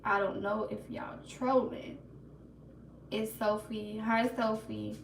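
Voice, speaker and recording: A woman's voice: medium pitch, steady tone, slow, vocal fry, slight background noise. A woman hosting a casual livestream, chatting to viewers and laughing nervously. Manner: laughs nervously, talks to chat, restarts. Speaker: livestream host. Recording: roomy echo, mic a bit far, faint ambience.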